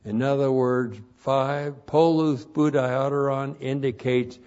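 Slow, methodical male Bible teacher. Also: mid-range voice, steady tone, a little mellow. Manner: methodical, repeats each numbered point slowly; spells out Greek words letter by letter. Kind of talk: Bible study lecture on Greek words. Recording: dull lo-fi recording.

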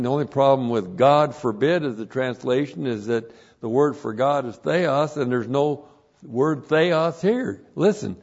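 A male pastor teaching a passage word by word, spelling out Greek terms and bursting into loud emphatic phrases. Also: medium pitch, measured pace, dull audio. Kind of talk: expository Bible teaching.

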